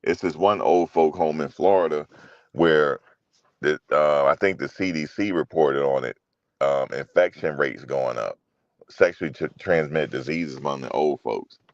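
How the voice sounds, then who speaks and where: A man's voice: very deep voice, normal speed, dry recording, dull audio. A middle-aged man talking loosely and casually as a commentary host, rambling through stories with slang and profanity.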